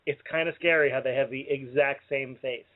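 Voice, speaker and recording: A man's voice: mid-range voice, steady tone, brisk, crowd noise. A man co-hosting a comedy radio show, enthusing wryly about a film. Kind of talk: casual comedic banter. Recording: phone-like narrow-band audio.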